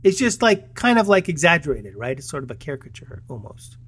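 A man's voice: on the high side, sing-song, a little fast, fairly bright tone, breathy edge. A man chats through a movie's story in an easy, everyday voice. He wanders, stumbles over his words and fills gaps with ums. Little laughs slip in as he talks. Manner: rambling, many fillers and restarts, chuckling. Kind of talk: casual movie recap chat.

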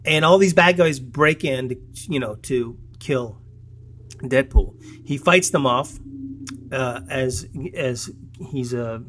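A man's voice: medium pitch, slow pace, fairly bright tone, a little hiss or hum. A man in casual chat, retelling a film's plot in a rambling way with many fillers, restarts and chuckles. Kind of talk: casual movie recap chat.

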